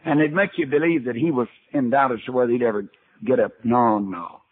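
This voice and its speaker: A man's voice: mid-range voice, a little fast, breathy edge. An older man preaching a sermon, telling Bible stories in a folksy way and acting out the dialogue himself. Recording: tinny archival sermon recording.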